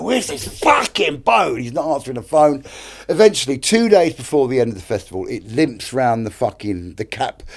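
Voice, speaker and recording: Middle-aged British guest, mid-pitched, animated and profane, acts out every voice in his stories. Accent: British English. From Britain. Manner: animated, heavy swearing, acts out other people's lines. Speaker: actor and director, interview guest. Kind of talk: casual storytelling. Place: podcast studio.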